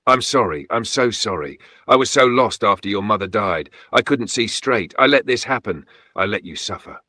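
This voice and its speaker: A man's voice: lowish voice, lively intonation, moderate pace, sharp tone, dry recording. A man voicing a middle-aged father, emotional and pleading in his speech. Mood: remorseful. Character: remorseful middle-aged father, enraged then broken.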